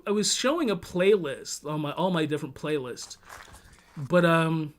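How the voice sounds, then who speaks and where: Hosting a livestream, a man from Toronto, Canada, chats in a loose, profane way, often interrupting himself. His fairly high voice is expressive and moves at a moderate pace.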